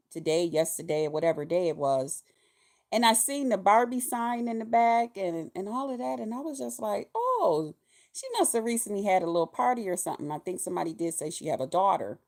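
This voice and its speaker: A woman in her fifties talking casually in a vlog, animated and profane, laughing often. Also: lowish voice. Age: 50s. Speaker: vlogger.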